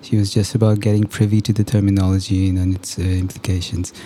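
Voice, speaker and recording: Podcast host guy with a soft mellow voice, talks slow and thoughtful, lots of uhs. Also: sits low, level tone, slight background noise. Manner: measured, reflective, frequent fillers. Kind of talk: casual conversation.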